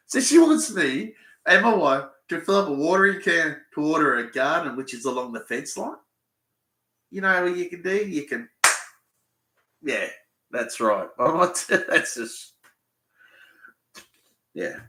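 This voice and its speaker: A man's voice: fairly high pitch, big pitch swings, measured pace, pauses often, sharp tone, reverberant. An Australian man hosting a live Q&A, rambling and swearing as he tells a story bluntly. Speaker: fishing channel host. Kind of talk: live Q&A chat.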